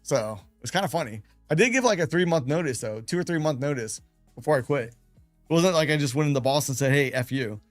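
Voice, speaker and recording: A man with a slightly high voice spins loose, chatty stories on a live day-trading stream, laughing between anecdotes and leaning on repeated phrases for emphasis. His voice is dry and close, with soft music playing faintly underneath. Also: lively intonation, fairly quick, no echo. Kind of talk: casual storytelling on a live stream.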